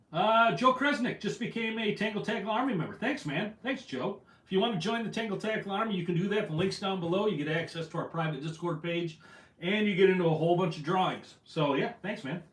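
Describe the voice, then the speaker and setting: A man's voice: high-pitched, a little fast, fairly bright tone. A man hosting a casual fishing livestream, reading out viewer comments in a rambling, self-deprecating way. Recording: echoey room, voice from afar.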